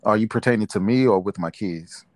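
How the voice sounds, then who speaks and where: A man's voice: fairly low pitch, fairly quick. A middle-aged man, reflecting in a casual family interview and laughing often. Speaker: interviewee, father.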